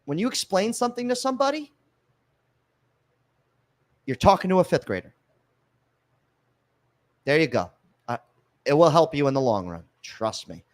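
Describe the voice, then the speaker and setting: A man hosting a casual livestream podcast, reading viewer comments and ranting in a loud, profane, mock-angry way. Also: fairly high pitch, very animated, normal speed, pauses often. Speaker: podcast host.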